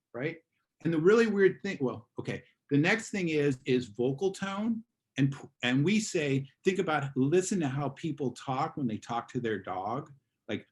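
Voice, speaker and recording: Guy teaching a class over a video call, casual, bit higher voice, acts stuff out. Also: darkish tone. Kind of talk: online class lecture.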